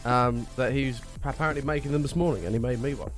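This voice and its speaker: A man's voice: medium pitch, fast, faint music behind. A man streaming a game, chatting casually and telling a rambling story. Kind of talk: casual gaming chat.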